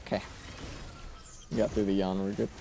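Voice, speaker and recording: A man's voice: deep voice, flat delivery, normal speed, gravelly, mellow, slight background noise. A man streaming a game live, chatting casually with viewers in a laid-back, rambling way, trailing off with fillers. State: sleepy, yawning. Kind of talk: casual live-stream commentary while playing.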